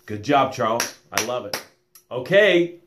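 A man hosting a live motivational stream, welcoming viewers by name and guiding slow breaths. He calls himself loud and boisterous. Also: mid-range voice, big pitch swings, a little hiss or hum. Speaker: motivational coach and show host. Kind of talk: live-stream pep talk with guided breathing.

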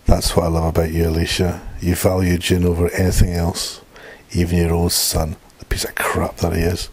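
A man's voice: low voice, completely flat delivery, normal speed, darkish tone, husky. A man voicing a cruel, abusive stepfather who talks with scorn and menace. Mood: contemptuous. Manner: scornful and threatening.

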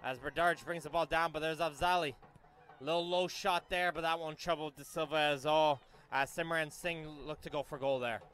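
A man giving live play-by-play commentary on a youth soccer match, brisk and correcting himself on names as play moves. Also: a little high, fairly even intonation, fairly bright tone.

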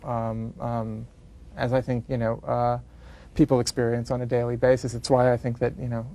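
A man, a playwright, speaking in an interview in a reflective, halting way, in long winding sentences. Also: medium pitch, monotone, dark tone. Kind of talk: interview conversation.

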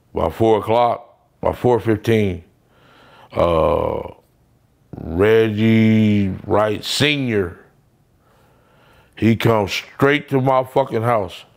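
A man's voice: lowish voice, vocal fry, a little mellow. A man telling stories in a casual interview, blunt and profane, acting out the voices of people he quotes. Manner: profane street storytelling, acts out quoted voices. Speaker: interview guest.

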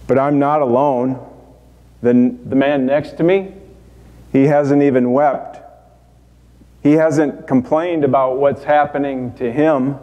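A man's voice: mid-range voice, dark tone, dull audio, lightly acted. A man playing a dying repentant thief. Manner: halting, broken phrases. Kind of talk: dramatic monologue. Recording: long hall reverb.

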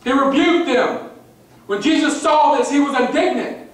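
A man's voice: very high-pitched, normal speed. A male pastor preaching a sermon, emphatic and repetitive, often calling out "amen?" to the congregation. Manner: emphatic, repeats phrases, asks congregation "amen?". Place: church sanctuary. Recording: echoey hall, far from the mic, faint noise.

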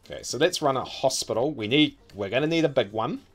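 A man's voice: medium pitch, animated, quick pace, husky, faint music behind. A man with a New Zealand accent giving casual, offhand commentary as he builds a city in a game, muttering wryly to himself.

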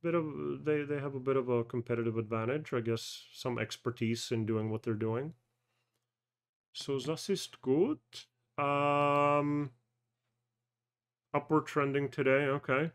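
A man hosting a personal finance channel, thinking aloud through a casual live screen-share walkthrough, halting with fillers and self-corrections. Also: mid-range voice, fairly even intonation, a bit bright, clean tone. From Canada.

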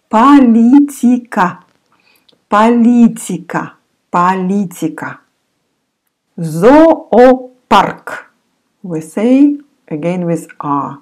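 A woman with a Russian accent teaching a language lesson, pronouncing each word slowly and repeating it several times. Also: mid-range voice.

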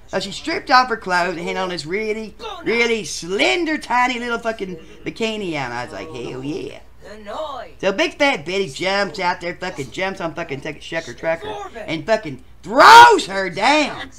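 A performer voicing a crude, rowdy male bachelor contestant, who tells profane stories and bursts into shouts. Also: mid-range voice, very animated, normal speed, a crowd in the background. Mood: rambling. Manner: profane storytelling with sudden shouted outbursts. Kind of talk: comic machinima voice acting.

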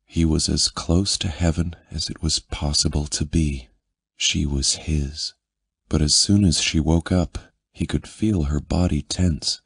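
A man narrating a romance audiobook in a measured, intimate reading. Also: rumbling low, fairly even intonation, vocal fry, slightly rough, no room sound.

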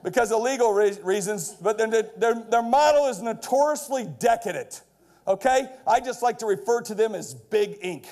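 A middle-aged man giving a brash, punchy keynote to a live audience, building to loud shouted punchlines and checking in with "okay?". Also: high voice, moderate pace. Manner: keeps checking in with the crowd with "okay?". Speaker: keynote speaker. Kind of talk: energetic stage keynote. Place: large lecture hall before a live audience.

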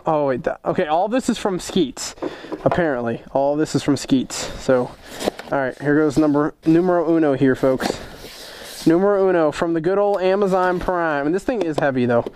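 A young man chatting casually on a vlog as he opens fan mail, excitable, joking and swearing a lot. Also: fairly high pitch, clean tone. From United States. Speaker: motorcycle vlogger opening fan mail.

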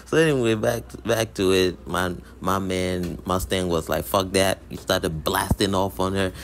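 A man's voice: deep voice, steady tone, normal speed, a little hiss or hum. A man giving casual comedic anime commentary, profane, slangy and joking.

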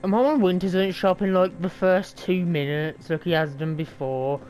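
A woman's voice: lowish voice, a little slow, darkish tone. Sweary Australian woman streaming a game. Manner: profane, rambling, slangy banter. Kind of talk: casual gameplay commentary.

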